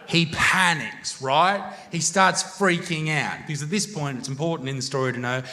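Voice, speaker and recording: A man's voice: fairly high pitch, normal speed, pushed and bright. Brash Australian man doing stand-up. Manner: crude, swearing, brash storytelling. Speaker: stand-up comedian. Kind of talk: stand-up comedy set. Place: comedy venue stage with live crowd.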